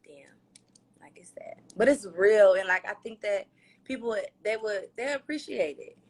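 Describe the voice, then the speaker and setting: A reality show star with a husky, medium-pitched voice speaks at a measured pace as the guest in a casual livestream chat on her phone. She talks candidly, in a loose and slangy way.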